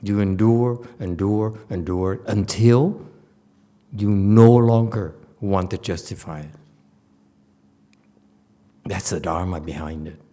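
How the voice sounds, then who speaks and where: This male Buddhist teacher speaks low and slow, with long pauses and a dark tone. His informal Dharma lecture in a meditation center hall is blunt and scolding, and he repeats words to drive them home.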